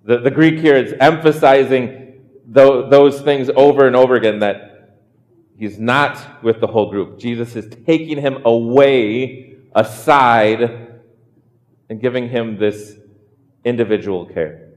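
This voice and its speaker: A man's voice: medium pitch, a little slow, darkish tone, long reverb tail. A man preaching a sermon, earnest, often repeating words as he builds a point. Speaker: pastor.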